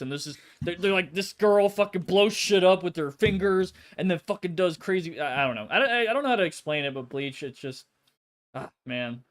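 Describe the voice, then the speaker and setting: A man's voice: a little high, animated, brisk. A man hosting a casual gaming stream, rambling and swearing a lot with plenty of filler words. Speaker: streamer host.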